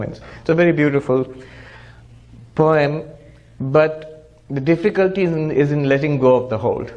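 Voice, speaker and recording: A man's voice: on the high side, unhurried, long pauses, dull audio. A monk giving a spiritual discourse, telling stories animatedly and chuckling as he teaches. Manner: animated storyteller who laughs and chuckles.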